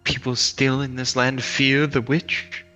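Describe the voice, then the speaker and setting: A man voicing a polite wandering male stranger who speaks haltingly. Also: mid-range voice, little pitch movement, pushed and bright, soft background music. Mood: puzzled. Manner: hesitant, halting.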